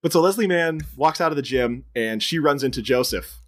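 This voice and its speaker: A man's voice: fairly high pitch, animated, fairly quick. A man co-hosting a podcast, casually recapping a movie's plot scene by scene and laughing often. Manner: retells scenes with bits of quoted dialogue, laughing often. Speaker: podcast co-host.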